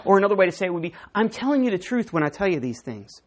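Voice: mid-range voice, very animated, rapid-fire. A preacher giving a sermon, walking through a Bible passage verse by verse and acting out the quoted dialogue, with frequent self-corrections.

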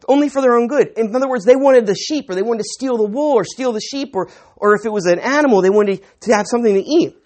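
A man's voice: very high voice, a little mellow. A man preaching a sermon to a live audience, teaching conversationally with rhetorical questions and frequent restarts. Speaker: pastor.

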